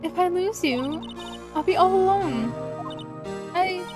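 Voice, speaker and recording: Brief: woman playing an eager, science-minded young girl in a game, very high and bright, game music behind. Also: takes it slowly. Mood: earnest. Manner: eager, pleading. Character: earnest young girl who loves science.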